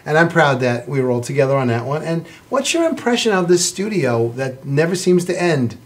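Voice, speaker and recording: A man's voice: on the high side, very animated, fairly quick, a little hiss or hum. A man hosting a studio talk show, praising his guests in an effusive, rambling way. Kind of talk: chatty studio interview. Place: television studio.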